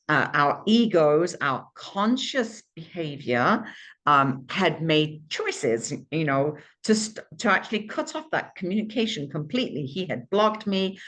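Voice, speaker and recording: A woman with a low-pitched voice hosts her own solo podcast episode. She tells a personal story candidly and emotionally, often restarting her sentences and adding quick asides to the listener. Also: fairly bright tone. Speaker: podcast host.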